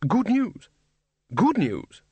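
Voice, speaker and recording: A gruff, blustering old archwizard , played by a man, who talks bluntly and bosses others about. His voice sits higher than the reader's own, and the recording is dry and close. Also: big pitch swings, a little slow, a bit bright, no room sound, lo-fi sound, heavily acted. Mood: flustered. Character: blustering older male archchancellor wizard.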